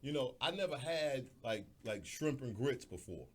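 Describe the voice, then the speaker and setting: A man's voice: mid-range voice, expressive, normal speed, husky. A man hosting a radio talk show, telling stories in a laid-back way and often repeating words. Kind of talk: casual chat.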